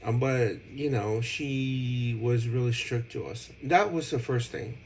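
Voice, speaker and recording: A man's voice: mid-range voice, takes it slowly, a little hiss or hum, poor audio. Man explaining himself with many fillers. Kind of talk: casual monologue addressed to an old friend.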